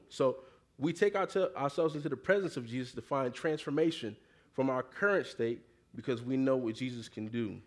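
A man preaching a casual sermon, reading scripture and talking it through in a conversational, slangy way full of "you know" and calls for the congregation to answer back. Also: medium pitch.

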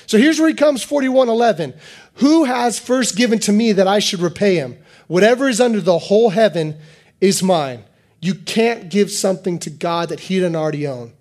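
A man preaching a sermon as a pastor, animated and repetitive, acting out quotes in his talk. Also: high voice, normal speed. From United States.

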